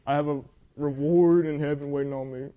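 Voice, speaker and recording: A man preaching at a youth meeting, reading scripture slowly and earnestly, sometimes tripping over his words. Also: a little high, fairly even intonation. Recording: muffled lo-fi audio.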